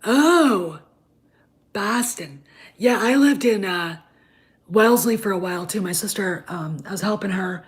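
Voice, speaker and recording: A woman's voice: medium pitch, unhurried. A woman, chatting casually on a livestream and rambling with many fillers and restarts. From Wisconsin, US. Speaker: livestream host.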